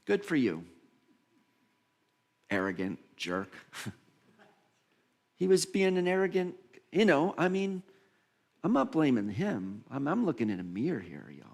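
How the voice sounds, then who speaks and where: A man's voice: mid-range voice, very animated, measured pace, gravelly, pauses often. A man preaching a sermon as minister, acting out the voices of Bible figures and laughing at himself along the way.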